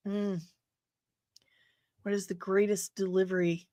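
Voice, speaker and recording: A woman hosting a casual live stream, chatting playfully with sudden bursts of loud energy. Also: medium pitch, little pitch movement, measured pace, dry recording, studio quality.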